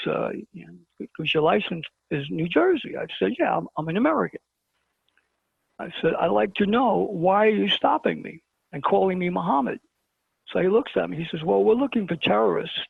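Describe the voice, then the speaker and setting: The voice is high, husky, and full of vocal fry, with no room sound. It belongs to a middle-aged Brooklyn man who, as a guest on a show, dramatically retells a story by acting out the conversations, heard over a tinny phone line.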